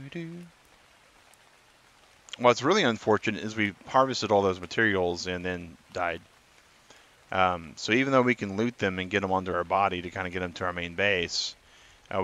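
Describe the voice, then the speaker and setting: Male streamer, low bright voice, talks through gameplay and chats with viewers. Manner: chatty, reads and answers chat. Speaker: gaming streamer. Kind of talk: live gameplay commentary.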